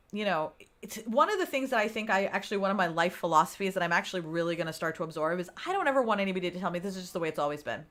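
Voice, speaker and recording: A woman's voice: mid-range voice, fairly bright tone. A woman hosting a casual live stream, chatting with viewers, laughing often and acting out her own inner voice. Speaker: livestream host.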